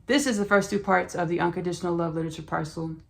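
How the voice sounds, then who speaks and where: Black podcast lady, low gravelly voice, loose rambly spiritual chat. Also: quick pace. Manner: relaxed, rambling, spiritual talk with restarts. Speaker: podcast host. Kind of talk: casual podcast intro and self-promotion.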